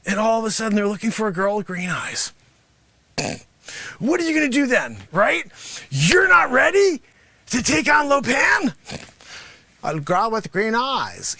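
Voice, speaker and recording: A greedy, bossy karate sensei, put on by a man barks and hard-sells at his students in a very high, piercingly bright voice. The pitch swings wildly as he scolds, with a gravelly edge, recorded close and dry. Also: dry recording, full character voice. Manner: shouting, hard-selling, scolding. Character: brash loud-mouthed male karate sensei, greedy and bossy. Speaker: host. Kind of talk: improvised comic character monologue.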